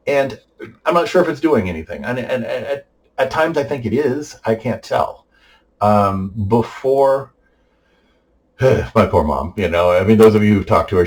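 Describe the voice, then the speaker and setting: A man's voice: fairly low pitch, darkish tone, rough recording. A middle-aged man giving a casual personal update, rambling with many fillers and restarts. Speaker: vlogger giving a family update.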